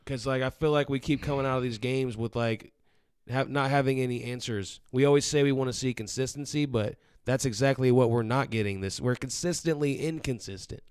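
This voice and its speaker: A man hosting a postgame fan chat, steady and upbeat as he plugs the show. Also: medium pitch, a little fast, clean tone, no room sound, studio quality. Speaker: host.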